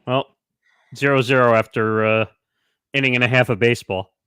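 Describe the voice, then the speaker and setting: A man in casual sports chat during a baseball watch-along, playful and quick with a wisecrack. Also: medium pitch, flat delivery, a bit bright, smooth, no room sound, studio quality. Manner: playful, laughs easily, wisecracking.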